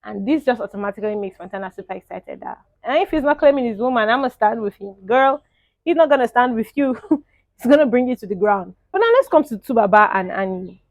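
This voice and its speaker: A young woman, giving animated, opinionated casual commentary as a show reviewer and laughing often. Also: a little high, fast talker, no room sound, muffled recording.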